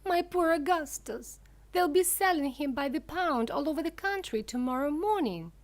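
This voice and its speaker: A woman voicing a furious, shrieking middle-aged mother in a storybook reading, loud and scolding. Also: sits high, expressive, normal speed, pitched above the performer's own voice.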